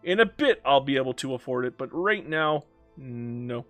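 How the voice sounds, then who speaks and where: Young male gamer, playful trash-talk, lively pitch, faint background music. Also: moderate pace, no room sound. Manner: goofy, teasing, calls everyone bro. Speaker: strategy game player. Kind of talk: let's-play commentary talking to the game.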